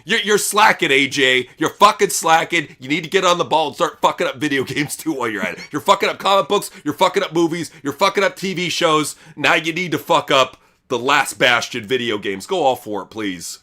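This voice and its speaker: Podcast host, man, bright animated voice, crude mocking banter. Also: fairly high pitch, a little fast, few pauses. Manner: crude, mocking, laughs often. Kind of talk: casual wrestling news chat.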